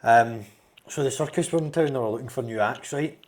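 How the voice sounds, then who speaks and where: A Scottish man trading jokey banter on a casual podcast, needling his co-host between bits. His voice is a mid-pitched, ordinary speaking voice for a man. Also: a little fast. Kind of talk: casual chat, joke telling.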